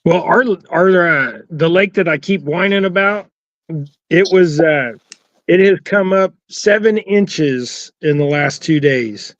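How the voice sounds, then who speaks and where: A man's voice: a little high, slow, dry recording. A man chatting on a livestream, telling stories in a rambling, hesitant way. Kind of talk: casual livestream chat. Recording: dry, dull call audio.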